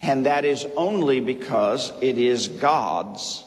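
A man teaching from the Bible in a sermon, speaking deliberately, repeating key phrases and checking in with "okay?". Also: mid-range voice, expressive. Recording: long reverb of a hall.

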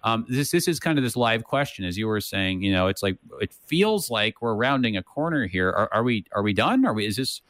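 Brief: man, lowish voice, casual Bible-study co-host, restarts a lot and tags lines with "right?", dry close sound. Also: lively intonation, brisk, few pauses, a bit bright, dry recording. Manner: thinks aloud with many restarts and "right?" tags.

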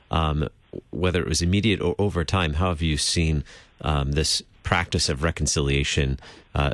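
A man's voice: rumbling low, dry recording. A man hosting a radio interview, rephrasing his question as he searches for words. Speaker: radio show host.

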